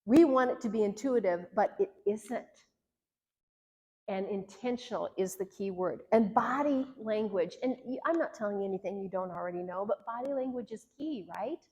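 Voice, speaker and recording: A woman therapist teaches a workshop on marriage, speaking earnestly and conversationally. She slips into quoted lines now and then to act them out. Her voice sits at a middle pitch and carries a long reverb from a large hall. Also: normal speed, darkish tone.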